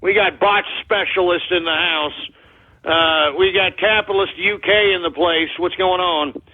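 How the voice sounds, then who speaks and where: A man's voice: high voice, fairly even intonation, a little slow. A man with a Texan accent hosting a talk radio show, ranting belligerently and hurling profane insults at his listeners. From Texas. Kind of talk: abrasive call-in radio rant. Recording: phone-like lo-fi radio audio.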